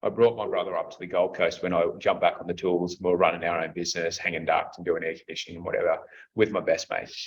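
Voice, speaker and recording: A man's voice: sits low, little pitch movement, fast, slightly rough. A man, a roundtable guest, telling personal stories candidly and bluntly and swearing freely. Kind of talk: casual storytelling in conversation. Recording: dull lo-fi recording.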